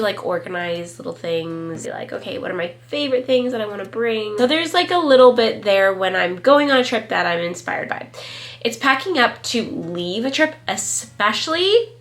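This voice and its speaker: A woman in her thirties talks to camera in a loose, rambling vlog, scattering "like" through her sentences. A head cold leaves her voice stuffy and congested, and a clip-on mic keeps her close and clear. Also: mid-range voice, animated, moderate pace, a bit bright. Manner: chatty, rambling, frequent "like". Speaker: family vlogger. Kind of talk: casual chat to camera. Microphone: wireless clip-on mic.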